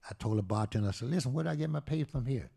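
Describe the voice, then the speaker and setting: A man in his eighties telling a lively story at a live talk event, acting out the people he quotes. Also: mid-range voice, racing, gravelly, slightly rough. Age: 80s. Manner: animated storyteller, acts out quoted voices. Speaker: guest storyteller.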